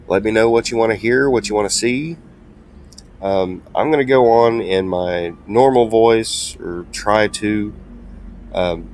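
A man with a deep, low voice chats loosely over gameplay, stumbling through ums and restarts. Faint engine and road noise from the truck game hums behind him. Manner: hesitant, many ums and restarts, chatty. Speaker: gaming channel host. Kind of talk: casual gameplay commentary.

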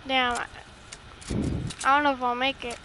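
A young woman chatting excitedly and swearing casually while playing a video game with a friend. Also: high-pitched, a little slow, slight background noise, poor audio. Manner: excitable, swears and laughs often. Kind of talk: casual gameplay chat.

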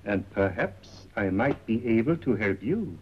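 An actor playing a smooth, ingratiating bazaar owner who talks softly and courteously, in 1930s film acting. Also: male voice, lowish voice, sing-song, a little slow. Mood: coaxing. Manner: soft, coaxing, courteous. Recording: dull 1930s film soundtrack with faint hiss.

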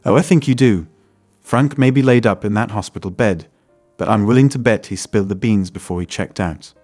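Snarling middle-aged loan-shark villain, low and dry, read by a male narrator for an audiobook story. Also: brisk, darkish tone, no echo, soft background music, lightly acted. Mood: menacing. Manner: snarling, threatening.

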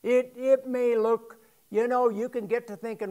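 A man preaching a sermon to his congregation in church, swinging from quiet talk to loud shouted scripture and calling for responses. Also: very high-pitched, fairly even intonation, moderate pace. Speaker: pastor. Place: church sanctuary.

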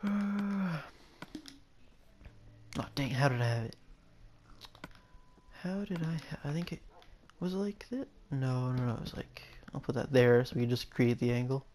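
A man's voice: fairly high pitch, darkish tone, a little hiss or hum. A young man giving casual gameplay commentary, rambling and musing aloud, often stopping and restarting his sentences. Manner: rambling, musing, self-interrupting. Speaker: gameplay video host.

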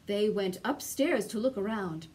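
Slow, lively-voiced woman reading a storybook. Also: mid-range voice. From Canada. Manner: slow, sing-song and expressive. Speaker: children's storyteller.

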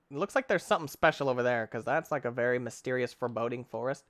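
A man giving excitable, rambling commentary on his gameplay, talking to himself and breaking into sudden shouts. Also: fast, dry recording, clean studio sound. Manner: excitable, with sudden shouts and big pitch jumps. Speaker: gaming channel host. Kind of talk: let's-play gameplay commentary.

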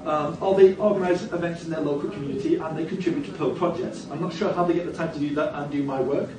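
A man's voice: on the high side, fairly even intonation, fast, background noise. A man speaking as a conference organiser in a talk, with wry, self-deprecating humour. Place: conference hall. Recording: echoey hall, distant mic, audience present.

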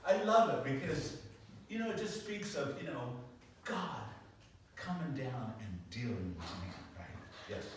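A man teaching a Bible doctrine class as pastor, animated and full of rhetorical questions, often asking "right?". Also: mid-range voice, a little slow. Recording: echoey classroom from far off, noisy.

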